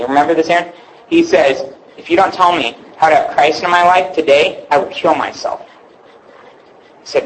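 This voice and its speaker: A young man with a slightly high voice gives an earnest youth sermon. He tells a story and keeps asking his listeners questions. Faint room noise sits under his voice. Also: poor audio. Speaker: youth pastor.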